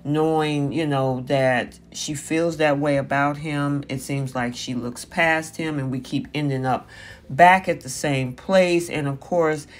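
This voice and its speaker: A host giving a casual spoken recap of a reality TV episode, paraphrasing what the cast said and filling pauses with "um" and "you know". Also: medium pitch, steady tone. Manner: chatty, paraphrasing with frequent fillers.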